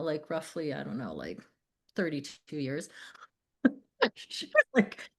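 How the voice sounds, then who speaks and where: A woman's voice: low-pitched, wildly swooping pitch, slow pace. A woman guest on a podcast, telling a personal story in casual conversation, acting out quoted dialogue and using many fillers like "you know" and "like".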